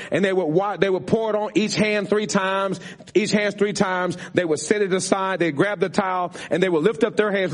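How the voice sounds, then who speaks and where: A man preaching as pastor in a Bible study, repeating himself emphatically with frequent restarts. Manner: rises in pitch as he preaches harder. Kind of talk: sermon-style Bible teaching.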